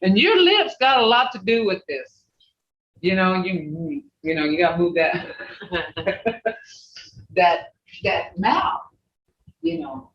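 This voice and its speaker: A language teacher running an online class, folksy and plain-spoken, slowly repeating native words to drill their sounds. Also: medium pitch, big pitch swings. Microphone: video call. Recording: distant, roomy, dull video-call audio with faint hiss.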